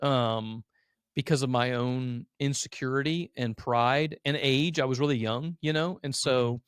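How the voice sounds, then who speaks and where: A man's voice: mid-range voice, fairly even intonation, unhurried, smooth, no echo, studio quality. A man in his thirties, a podcast guest who owns an agency, telling his story candidly and earnestly, open about being a crier. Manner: earnest and emotional, a self-described crier.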